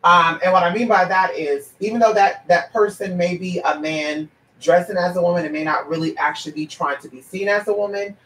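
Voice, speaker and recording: A woman's voice: fairly low pitch, fairly quick, a little hiss or hum. A trans woman who gives paid readings, talking straight to her viewers in a blunt, sassy rant full of swearing, switching into mimicry of other people as she tells her stories. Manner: animated, mimics other people mid-story. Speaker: paid psychic reader. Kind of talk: casual vlog rant to viewers. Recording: roomy echo, distant from mic.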